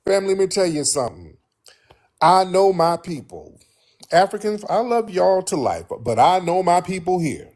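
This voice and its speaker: A man hosting a show, talking straight to his listeners in a blunt, animated way and often repeating himself. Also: high-pitched, normal speed. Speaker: host. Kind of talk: casual monologue to listeners.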